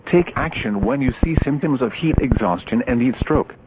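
A man's voice: mid-range voice, lively intonation, moderate pace. Synthetic male weather radio voice. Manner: clipped, evenly spaced computer-read phrases. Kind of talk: automated weather broadcast. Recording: dull lo-fi radio with loud static.

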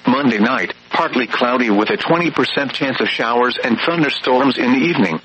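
A man's voice: medium pitch, fairly bright tone, slight background noise, poor audio. A synthetic male voice giving an automated weather radio readout, listing readings and forecasts in clipped, evenly paced phrases.

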